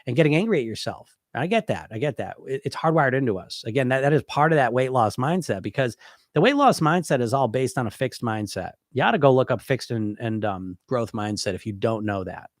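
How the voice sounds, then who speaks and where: This clip has a brisk, expressive, mid-range male voice in a dry, studio-quality recording. The speaker, a middle-aged podcast host who also coaches weight through hypnosis, has a stuffy head cold. He answers live-stream questions casually, rambling bluntly and peppering his talk with "you know."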